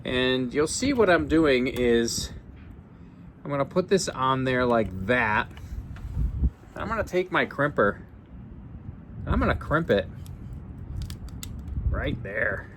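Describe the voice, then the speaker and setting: A man's voice: mid-range voice, animated, takes it slowly, pauses often, background noise. A man chatting casually as he fixes an RV outdoors, rambling and often correcting himself. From United States. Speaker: RV repair vlogger. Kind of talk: casual how-to vlog.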